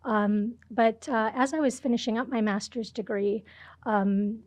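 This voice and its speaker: A middle-aged woman from Ohio with a fairly high voice answers interview questions, often pausing on "um" and "uh." Her voice is recorded dry, with no room sound. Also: steady tone, darkish tone, no echo. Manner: hesitant, many fillers. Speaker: podcast guest.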